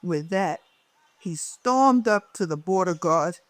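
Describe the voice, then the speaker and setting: A woman reading her own memoir aloud as a lively storyteller who changes her voice for the people in it. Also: lowish voice, slow pace, no room sound.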